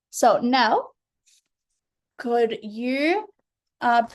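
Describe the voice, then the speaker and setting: Aussie lady tutor, slow patient phonics lesson, kinda high voice. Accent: Australian. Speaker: reading tutor.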